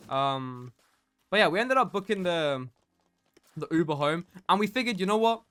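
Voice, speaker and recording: A man's voice: sits high, expressive, normal speed, pauses often, sharp tone, clear, resonant tone. A young man from England casually telling a rambling story while he plays a game, full of fillers and restarts. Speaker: gaming streamer telling a story.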